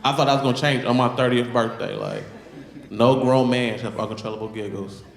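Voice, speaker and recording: A man's voice: mid-range voice, steady tone, brisk, vocal fry, echoey room, background noise. A man in his thirties doing a stand-up set, telling casual, wry stories. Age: 30s. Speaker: stand-up comedian. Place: comedy club stage.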